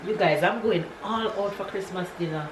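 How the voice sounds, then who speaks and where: A woman, vlogging at home as a mother who soothes over and over in a soft voice. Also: medium pitch, normal speed. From Jamaica. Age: 30s. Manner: soft repetitive soothing of a crying child. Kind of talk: casual home vlog. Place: home kitchen. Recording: echoey room with background noise.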